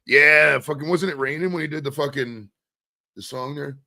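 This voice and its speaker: Slightly high and creaky, his pushed, bright voice moves at a moderate pace as this man from Maine hosts his own stream. The solo talk is casual and rambling, packed with profanity.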